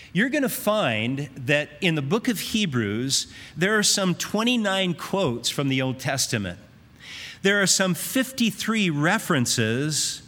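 Man, preacher, earnest sermon, somewhat high, bright tone, echoing hall. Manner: earnest, emphatic, reads scripture slowly. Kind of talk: expository sermon. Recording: reverberant hall.

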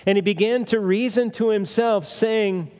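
A man's voice: sits high, normal speed, a little mellow. A man preaching a sermon in an emphatic way, repeating phrases and asking rhetorical questions. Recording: long reverb of a large hall.

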